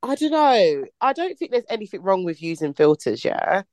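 A woman's voice: medium pitch, sing-song, moderate pace, darkish tone, dry recording. Playful woman, late twenties. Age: late 20s. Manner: playful, teasing, laughs a lot. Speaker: podcast co-host. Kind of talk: casual chat.

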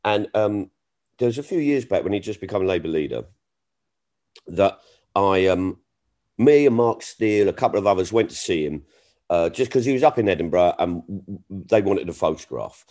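A middle-aged comedian telling a story in a lowish voice. His pitch swings widely as he acts out quoted exchanges. He talks in a loose, animated way, often restarting his sentences. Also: moderate pace. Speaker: comedian guest. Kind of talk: casual chat, storytelling.

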